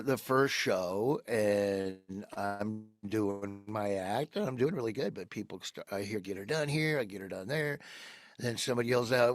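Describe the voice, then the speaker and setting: Man, american comedian guest, lively storytelling, plays out the quotes, dry close sound. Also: medium pitch, measured pace, no echo. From United States. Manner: animated storyteller who acts out quoted people. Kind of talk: casual storytelling interview.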